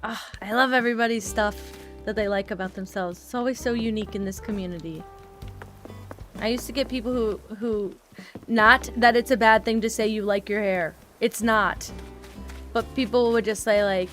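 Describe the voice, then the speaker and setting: A woman streaming from home chats casually with her viewers. Her voice sits a bit high, and she laughs and apologizes often between thoughts. Soft music plays faintly in the background. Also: normal speed. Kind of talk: casual chat.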